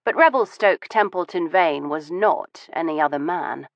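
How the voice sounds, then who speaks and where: Woman audiobook narrator, low for a woman, composed and measured, dull dry sound. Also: expressive, no room sound. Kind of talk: first-person audiobook narration.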